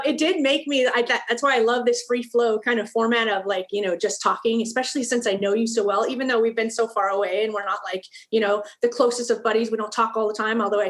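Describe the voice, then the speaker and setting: Podcast host, woman, somewhat high pitch, relaxed and friendly, asks questions offhand. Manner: friendly, giggly, loose questions. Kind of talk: casual podcast conversation.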